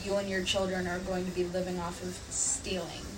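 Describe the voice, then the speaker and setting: A young woman, a podcast guest, telling stories in a casual, animated way with many "um"s and "like"s. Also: lowish voice, brisk. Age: young adult. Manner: animated storytelling, filler "um" and "like". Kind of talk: casual chat. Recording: distant mic, faint background noise.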